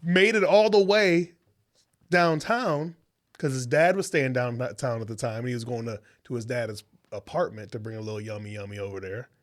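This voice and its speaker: Animated young man telling a story. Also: medium pitch, normal speed. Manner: animated, swears freely, acts out quoted voices. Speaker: podcast co-host. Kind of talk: casual storytelling chat.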